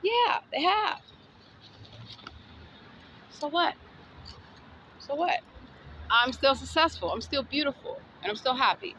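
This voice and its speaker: A woman's voice: high voice, sing-song, slow pace, long pauses, sharp tone, slight background noise, poor audio. A woman from the States, giving a sassy, defiant, preachy motivational monologue. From Southern United States. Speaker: vlogger.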